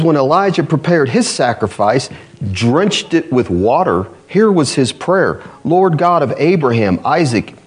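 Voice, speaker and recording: A man preaching in full sermon mode, his voice riding a lively, swooping pitch that sits a little high for a man. He leaps up to emphatic calls, then sinks low and slow for scripture, drawing the congregation in with quick questions. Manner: asks the congregation for responses. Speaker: pastor.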